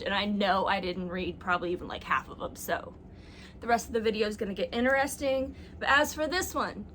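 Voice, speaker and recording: Chatty young woman, bright tone. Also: fairly high pitch, a little hiss or hum. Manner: chatty and self-mocking, with many likes and ums. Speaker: booktuber. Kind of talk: casual chat.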